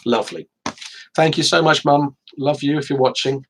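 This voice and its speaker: A man's voice: medium pitch, normal speed, fairly bright tone, slight background noise, low-quality recording. An English man in his forties, an author hosting a casual live stream, chatting in a rambling, self-deprecating way with frequent restarts.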